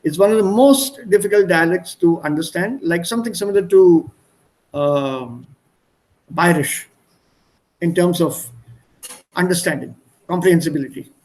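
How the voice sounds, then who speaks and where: A man's voice: high voice, normal speed, pauses often, a little mellow, poor audio. A man with an Indian accent teaching an online German class, explaining words through strings of English synonyms. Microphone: video call.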